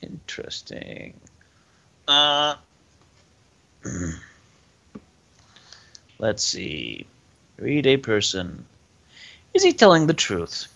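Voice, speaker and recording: A man's voice: mid-range voice, huge pitch swings, extremely slow, creaky, pauses often, pushed and bright. A man playing a tabletop game, talking hesitantly and often trailing off. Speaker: player. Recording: dull lo-fi sound.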